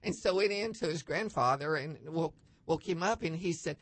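A woman guest on a faith-based talk show, telling anecdotes with lively upward leaps in pitch and many restarts. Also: moderate pace, dry recording. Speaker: guest panelist.

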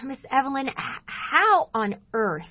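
A woman's voice: sits high, sing-song, a little slow, slightly rough, no echo, highs cut off. A woman co-hosting a Christian radio talk show, telling a story with lots of laughter. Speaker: radio show co-host, coach. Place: radio studio.

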